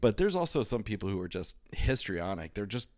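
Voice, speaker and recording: On a casual comedy podcast, a male host with a fairly low voice talks at a fairly quick clip, swearing a lot as he tells animated stories and acts out the voices in them. The recording is dry and studio quality, with soft music in the background.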